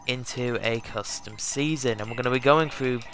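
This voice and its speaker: A man's voice: mid-range voice, normal speed, fairly bright tone. A man casually chatting to his viewers as he sets up a live game stream, rambling and correcting himself as he goes.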